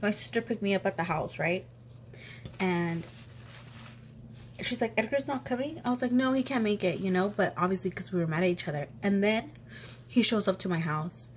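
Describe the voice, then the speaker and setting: A woman's voice: mid-range voice, moderate pace, pauses often, a little hiss or hum. Chatty young woman with allergy sniffles. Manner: chatty, animated retelling with quoted voices. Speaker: vlogger. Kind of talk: casual story time chat.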